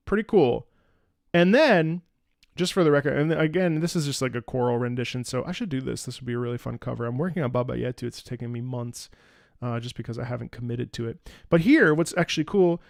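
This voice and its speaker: A man's voice: mid-range voice, creaky, no room sound, studio quality. A man hosting a casual music breakdown video, talking enthusiastically and asking rhetorical questions. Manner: enthusiastic, sings snippets and asks rhetorical questions. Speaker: music analysis video host.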